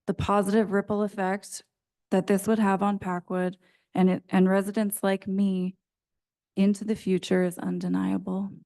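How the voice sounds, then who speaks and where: Woman reading an earnest, even-toned statement. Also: medium pitch, moderate pace. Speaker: public commenter. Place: county planning commission meeting.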